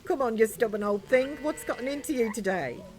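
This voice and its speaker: A woman's voice: a little high, expressive, a little fast, lightly acted. A woman voicing a flustered, overworked young male rancher in a farming game.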